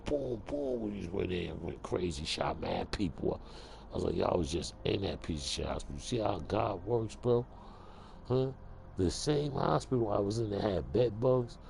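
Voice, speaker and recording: New dude, deep dark voice, swings up and down a lot, streetwise rant. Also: male voice, vocal fry, slight background noise. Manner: streetwise, emphatic, repeats "bro". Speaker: vlogger. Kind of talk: casual rant to camera.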